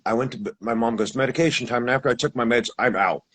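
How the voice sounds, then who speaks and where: A man with a husky voice, telling his experience in a casual, rambling way, with restarts and acted-out quotes. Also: medium pitch, quick pace, a bit bright, rough recording. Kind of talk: casual storytelling.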